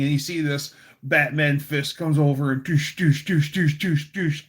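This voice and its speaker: A man's voice: fairly high pitch, fairly even intonation, unhurried, few pauses. A man hosting a casual livestream, chatting in a goofy, playful way. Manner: goofy and playful, does silly voices. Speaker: livestream host.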